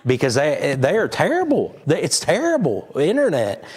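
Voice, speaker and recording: Folksy man, lively pitch. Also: moderate pace, breathy edge. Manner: folksy, rambling, chuckles often. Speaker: pastor. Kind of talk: casual chat with the congregation.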